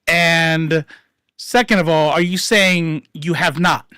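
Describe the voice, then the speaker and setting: A livestream commentator giving casual political commentary, profane and rambling, swinging between loud outbursts and mumbled asides. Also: medium pitch, fairly even intonation, slow, no echo, clean studio sound.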